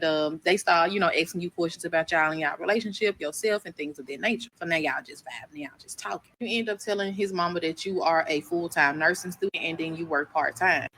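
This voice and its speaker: A woman's voice: medium pitch, a little hiss or hum, rough recording. A young woman, telling a storytime in a sassy, profane, chatty way. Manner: sassy, profane, animated quoting of characters. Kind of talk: casual second-person storytime.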